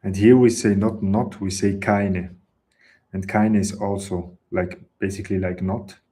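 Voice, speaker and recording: Male teacher, unhurried and patient, low voice. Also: fairly even intonation, mellow. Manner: slow, patient explaining with example sentences. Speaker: German teacher. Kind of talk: language lesson.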